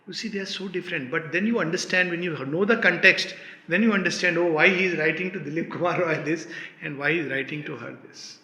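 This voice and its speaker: A man explaining a poem with animated emphasis, leaping higher on key words. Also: quick pace. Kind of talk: spoken commentary on a poem. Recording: echoey room.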